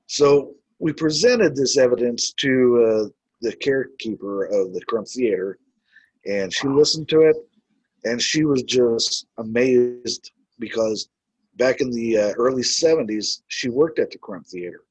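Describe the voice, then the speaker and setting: A man's voice: mid-range voice, normal speed, darkish tone, husky, no echo, poor audio. A man who investigates the paranormal, telling his stories in a casual, rambling way with many filler words. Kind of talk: casual storytelling.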